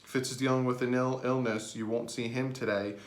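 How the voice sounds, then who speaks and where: A man giving casual fan commentary on his sports vlog, full of joking, sarcastic asides and sudden jumps in pitch. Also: flat delivery, brisk. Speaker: sports vlogger. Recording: roomy echo.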